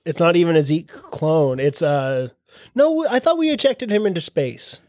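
A man playing in a tabletop game, joking around in casual banter at the table with quick interjections. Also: fairly high pitch, animated, a little mellow, no room sound, clean studio sound. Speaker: player.

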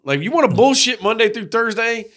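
A young adult man co-hosting a podcast, telling crude work stories in a profane, animated way and acting out the quotes. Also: very high-pitched, a little fast. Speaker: podcast co-host. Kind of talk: casual crude banter.

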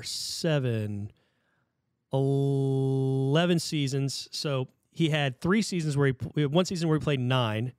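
A man co-hosting a sports talk show, calmly reading out career statistics in casual conversation. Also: a little high, dry recording, studio quality. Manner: reads out stats, backchannels.

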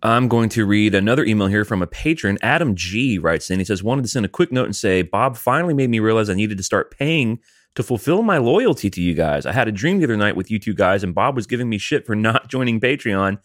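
Low-voiced man reading listener emails. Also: expressive, fairly quick, dry recording, clean studio sound. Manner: loose, jokey, reads emails aloud. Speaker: podcast co-host.

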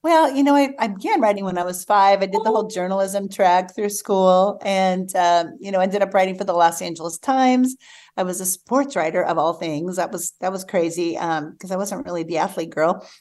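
A woman's voice: medium pitch, moderate pace. A woman novelist being interviewed on a radio show, talking eagerly and laughing often. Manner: warm, enthusiastic, laughs often. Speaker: guest novelist. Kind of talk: casual radio interview chat.

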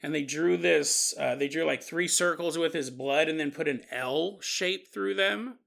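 A male podcast host tells an odd tale with jokey asides and frequent chuckles. His voice sits high and bright with a gravelly edge. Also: a little slow. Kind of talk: comedic paranormal storytelling.

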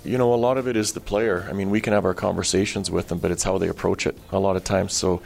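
A man, a head coach, giving pregame media remarks in a measured, explaining way. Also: low-pitched, level tone, vocal fry, a little mellow, soft background music.

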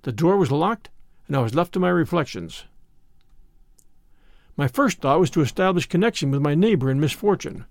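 A man narrates a story in a measured, expressive way. His voice sits slightly high and moves lively in pitch. The recording is close and dry. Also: gravelly, no echo. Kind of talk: audiobook narration.

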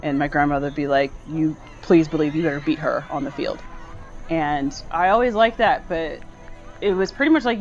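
Young female athlete, lively storyteller, muffled lo-fi audio, music bed. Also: low-pitched, normal speed. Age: young adult. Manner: animated, laughs often, acts out dialogue. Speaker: soccer player, interview clip. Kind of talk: casual storytelling.

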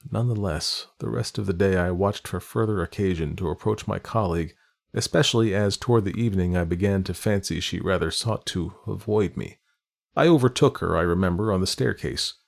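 A man narrating a classic novel in a measured, literary reading style. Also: low-pitched, vocal fry. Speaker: audiobook narrator.

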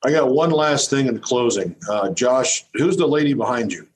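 A man's voice: medium pitch, expressive, normal speed, rough recording. A man, an insurance agent, asking questions and joking wryly in casual chat. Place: Nebraska.

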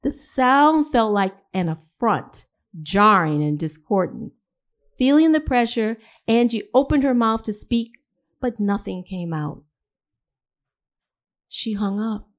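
A woman reading a literary story aloud in a measured, steady way. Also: a little high. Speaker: reader.

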